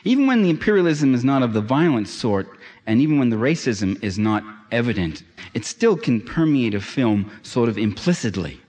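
A man's voice: mid-range voice, big pitch swings, normal speed, darkish tone, husky. A man giving a public lecture, emphatic and sardonic, building to impassioned climaxes. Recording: long hall reverb.

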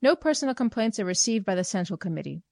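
A woman voicing a cold, mechanical committee with a flat, officious manner. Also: mid-range voice, fast, gravelly, no room sound, clean studio sound.

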